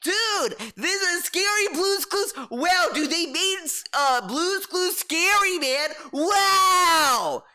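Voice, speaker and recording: A man's voice: extremely high pitch, lively intonation, takes it slowly, hardly any pauses, pushed and bright, pitched above the performer's own voice, heavily acted. A man putting on a mocking impression of a dopey, laid-back male streamer who is easily impressed. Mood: mocking awe.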